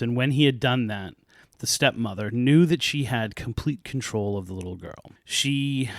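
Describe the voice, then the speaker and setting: A man's voice: mid-range voice, no room sound, clean studio sound. Man casually retelling a folk tale. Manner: lively retelling with asides and light laughs. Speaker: podcast host.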